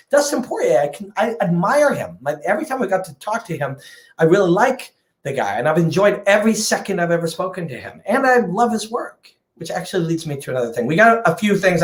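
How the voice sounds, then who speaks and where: Male fight-sports host, emphatic and profane, off-the-cuff rant; slightly high voice, echoey room. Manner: passionate, emphatic, swears freely. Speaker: combat sports analyst and host. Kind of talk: unscripted passionate rant to camera.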